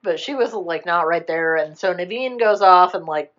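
Woman co-host, lowish voice, rambling animated plot recap, muffled lo-fi recording. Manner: rambling, animated retelling with quick put-on character voices and swearing. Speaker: podcast co-host retelling a film. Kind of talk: casual chat.

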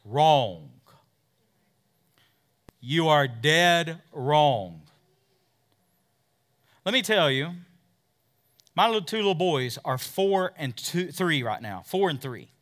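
A male pastor preaching a fervent sermon, drawing call-and-response from the congregation and swinging between loud peaks and hushed asides. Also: on the high side, sing-song, takes it slowly, pauses often. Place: church service with a congregation.

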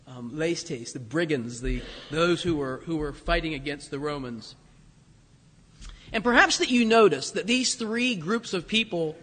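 A pastor delivers a sermon in a church sanctuary with a slightly rough, fairly bright voice pitched on the high side. His manner is conversational: he keeps correcting himself and putting rhetorical questions to the congregation. The recording carries a long hall reverb.

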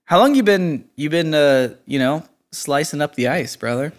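A man's voice: a little high, expressive. Jokey male podcast host. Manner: jokey, teasing, quick to laugh. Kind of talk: casual podcast chat.

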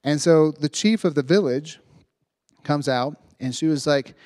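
A man preaching to young people, retelling a story with lively asides and checking in with "right?" as he goes. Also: fairly high pitch, measured pace, dry recording, clean studio sound. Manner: animated retelling, acting out voices, frequent "right?". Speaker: youth preacher. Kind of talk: storytelling sermon.

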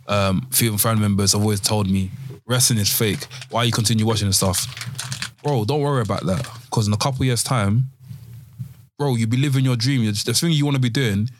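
A man's voice: fairly low pitch, dry recording. A young man co-hosting a casual podcast, slangy and easygoing, with many filler ums. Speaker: podcast co-host. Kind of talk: casual chat.

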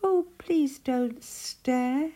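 A woman's voice: sits high, very animated, takes it slowly, dark tone, pitched above the performer's own voice, heavily acted. A woman voicing a shy, easily embarrassed little male hedgehog in a storybook reading, fretful and bashful.

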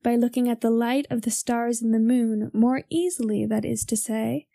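A young woman reading a philosophy text aloud in a measured, formal way. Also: on the high side, steady tone, creaky, dark tone, no echo.

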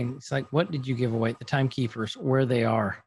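A man's voice: mid-range voice, fairly even intonation, brisk, a little mellow, a little hiss or hum. A man casually recapping a TV episode on a podcast, retelling scenes and quoting the characters as he goes. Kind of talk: casual chat.

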